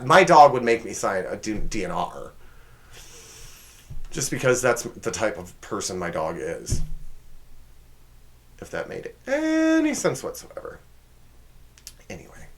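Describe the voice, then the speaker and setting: A man hosting a homemade comedy show, rambling through his sign-off with goofy, self-deprecating asides. His pitch jumps around a lot, and now and then he drops to a whisper for a side comment. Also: a bit bright. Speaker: host.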